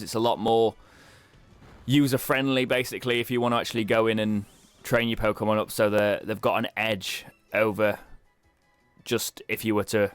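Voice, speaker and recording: A young British man with a fairly low voice talks through his gameplay in a chatty, wry way, poking fun at himself as he goes. The sound is dry and close to the mic, with faint game music underneath. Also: clear, resonant tone, no room sound. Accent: British English. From Britain. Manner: chatty, wry, self-mocking asides. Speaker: let's play streamer. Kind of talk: casual gameplay commentary.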